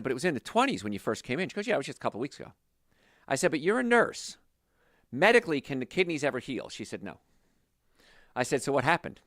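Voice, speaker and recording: Speaking at a medium pitch in a clean, echo-free studio recording, a male holistic health practitioner chats animatedly through viewer questions. His casual answers keep drifting into anecdotes.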